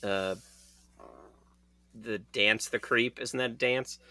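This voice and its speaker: A man's voice: mid-range voice, fairly even intonation, takes it slowly, sharp tone, clear, resonant tone, no room sound. A man co-hosting a casual comedy podcast who jokes and rambles through his thoughts. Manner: joking, rambling. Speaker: podcast co-host.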